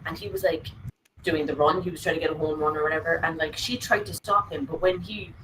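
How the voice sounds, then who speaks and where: A woman on a casual group podcast, telling a funny story in an animated way, full of fillers and swearing. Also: sits low, quick pace, far from the mic, a little hiss or hum, low-quality recording. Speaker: podcast co-host. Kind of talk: casual group chat over voice call.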